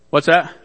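A man's voice: a little high, fairly bright tone, husky, big-room sound. A man preaching a sermon to his congregation, folksy, with joking asides. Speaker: pastor.

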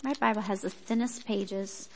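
A woman giving a sermon with a personal story, in a chatty, animated way that acts out quotes. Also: medium pitch, normal speed, slight background noise. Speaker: speaker at a church gathering. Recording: echoey hall.

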